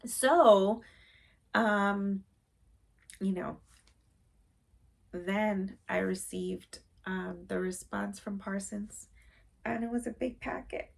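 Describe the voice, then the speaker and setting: A woman's voice: medium pitch, level tone, takes it slowly, gravelly, pauses often, breathy edge. A woman vlogger in casual chat, rambling with many fillers and openly sensitive about her feelings.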